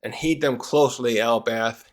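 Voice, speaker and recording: A man's voice: medium pitch, fairly even intonation, normal speed, pitched below the performer's own voice, lightly acted. A man voicing a pompous male villain who announces terms like a showman. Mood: announcing. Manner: grandiose announcer delivery.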